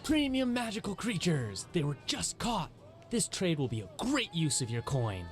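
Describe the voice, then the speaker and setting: An actor plays a smooth-talking trader of magical creatures in a fantasy game. The pitch leaps around animatedly as the trader pushes a sale. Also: big pitch swings, normal speed, soft background music, close to an everyday voice. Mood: persuasive. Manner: persuasive sales pitch. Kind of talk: game voice acting.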